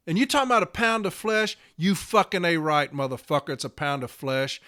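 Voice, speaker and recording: Furious, high-voiced man ranting. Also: animated, brisk, few pauses, sharp tone. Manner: furious, profane, confrontational. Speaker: podcast host and letter carrier. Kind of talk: angry rant.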